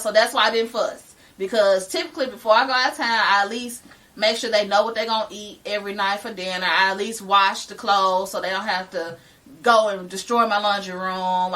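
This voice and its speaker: A woman's voice: mid-range voice, sharp tone, far from the mic. A middle-aged woman, telling an exasperated story on a casual podcast, full of laughing asides. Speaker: podcast co-host.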